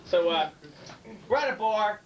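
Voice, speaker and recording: A woman's voice: medium pitch, lively intonation, a little slow, lo-fi sound. A woman telling stand-up jokes at a live bar comedy night, rambling with lots of filler words and chuckles. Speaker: stand-up comic. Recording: distant mic with audience noise.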